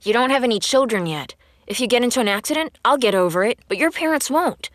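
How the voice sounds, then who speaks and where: A woman voicing a stern, blunt, protective elder sister in a dubbed drama, curt and sharp-tongued. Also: on the high side, lively intonation, quick pace, no echo, studio quality, natural voice. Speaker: dub actor.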